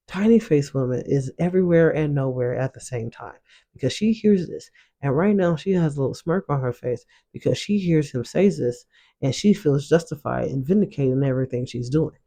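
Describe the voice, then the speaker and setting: A man's voice: a little high, fairly quick, vocal fry, dark tone. A man casually recapping drama episodes in loose, slangy storytelling, acting out the characters' lines as he goes. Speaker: show reaction host.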